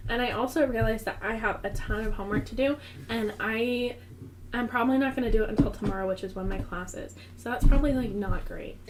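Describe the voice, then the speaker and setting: Casual: teen girl, a bit high, dry jokey delivery, light background hiss. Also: fast talker. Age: teens. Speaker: podcast co-host. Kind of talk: casual chat.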